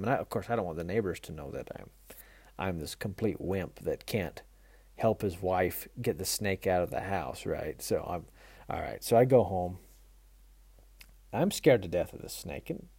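Folksy, mellow-voiced man telling a story. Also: fairly low pitch, slightly rough, no echo. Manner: folksy, animated, self-mocking, laughs often. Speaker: mule trainer hosting a tips show. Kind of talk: casual storytelling lesson.

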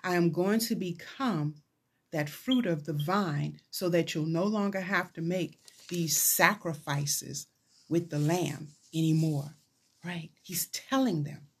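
With a lowish, husky voice and a slow delivery, a woman chaplain delivers a sermon. She acts out the voices of people from scripture as she retells it, her words rising to excited pleas.

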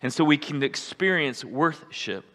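A man preaching a sermon as pastor, conversational, often asking "right?" and breaking into shouts. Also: a little high, animated, a little slow. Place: church sanctuary. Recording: live church hall with long reverb.

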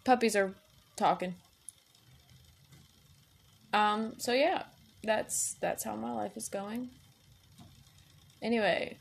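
Speaking slowly at a medium pitch, a young podcast host with a gravelly voice lets long pauses hang as she chats casually. Distracted by a game and nursing a headache, she rambles along with plenty of fillers, false starts and curse words.

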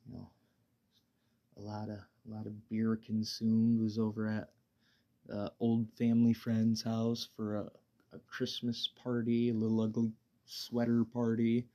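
A man hosting a casual solo podcast while high, rambling in a laid-back way, swearing freely and stammering through restarts. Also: monotone, unhurried, warm tone, dull audio. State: high on weed. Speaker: podcast host.

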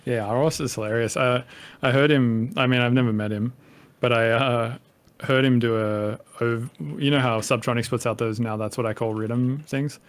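Relaxed man with a light Australian accent. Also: medium pitch, normal speed. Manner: rambling, relaxed, swears freely. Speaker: podcast guest. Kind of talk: casual podcast chat.

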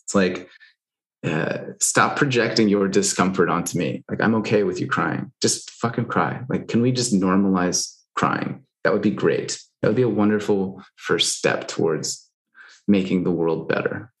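A man's voice: deep voice, normal speed. A man talking candidly in casual conversation, loose and frank, with lots of fillers and the odd swear.

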